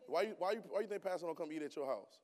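A man preaching a sermon in a church, talking casually to the congregation and firing rhetorical questions, then rising into loud, emphatic bursts. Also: a little high, lively intonation, rapid-fire.

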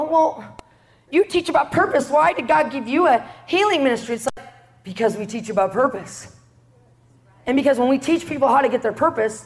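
A middle-aged woman with a high voice preaches a testimony sermon. She tells her stories with energy and keeps checking in with the congregation through rhetorical questions. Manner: animated storytelling, rhetorical questions to the audience. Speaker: preacher, prison ministry leader.

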